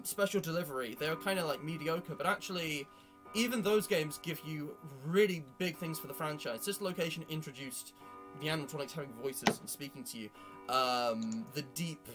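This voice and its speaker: A man hosting a casual chat with friends, giving opinions in a rambling way with lots of fillers. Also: a little high. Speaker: YouTube host. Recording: music playing under the voice.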